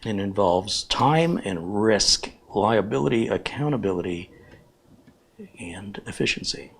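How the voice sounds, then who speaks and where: A man's voice: lowish voice, animated, unhurried, gravelly, a bit bright, husky. A man hosting a hands-on computer build tutorial, explaining each step plainly and giving firm opinions. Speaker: computer technician host.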